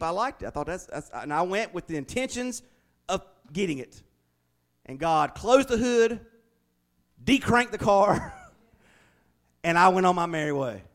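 A man's voice: high voice, a little slow, long pauses. Folksy preacher man. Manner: folksy, animated storytelling with big swings between loud and hushed. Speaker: pastor. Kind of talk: sermon.

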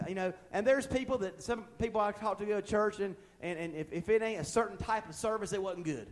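A man preaching a fervent sermon in a church. He talks in a folksy, plain-spoken way with humorous asides, and his delivery swells from quiet passages to loud ones. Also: high voice, brisk. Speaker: pastor.

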